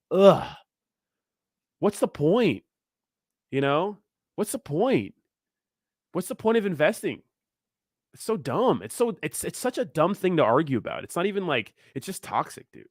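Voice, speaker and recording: A young man hosts a crypto livestream, his voice a touch high and sitting close and dry on the mic. He rants with fired-up energy, leans on filler phrases and answers viewers' chat. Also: sing-song, moderate pace, no room sound. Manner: fired-up, ranting, heavy filler "you know what I mean". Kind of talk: live stream chat, reacting to viewers.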